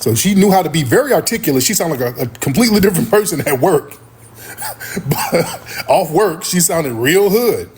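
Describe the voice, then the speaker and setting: A man hosting a live stream, telling a story casually and acting out other people's voices with big pitch jumps. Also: animated, normal speed, darkish tone, a little hiss or hum. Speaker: livestream host.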